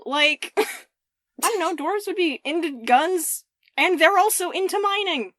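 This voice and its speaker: A woman's voice: extremely high pitch, animated, a little slow, fairly bright tone, no echo, clean studio sound. A woman from the American South co-hosting a podcast, joking and swearing casually. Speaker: podcast co-host. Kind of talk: casual chat.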